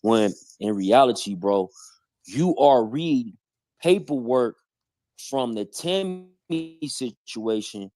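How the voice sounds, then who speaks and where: A stream host with an everyday-pitched, darkish voice picks apart claims in heated live-stream commentary, using blunt, confrontational street slang. The sound is dry, with no room echo.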